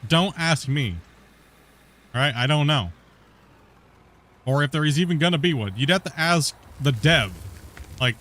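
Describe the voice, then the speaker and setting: A man's voice: on the high side, lively intonation, moderate pace, long pauses, a bit bright. A man streaming a game, chatting casually and rambling, often laughing and swearing, always tacking on "you know" and "right?". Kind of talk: casual gameplay chat.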